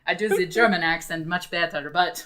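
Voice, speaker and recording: A woman's voice: fairly low pitch, over a noisy crowd. A woman guest on a podcast, a dungeon master, talking casually and thoughtfully with lots of fillers. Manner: unhurried, thoughtful, many fillers.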